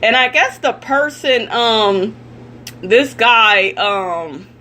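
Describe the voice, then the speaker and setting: Woman vlogger, bright edgy voice, blunt cussing rant, faint hum behind. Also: on the high side, lively intonation, extremely slow. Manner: blunt, profane and indignant, addressing viewers directly. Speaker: celebrity gossip vlogger. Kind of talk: ranting commentary vlog.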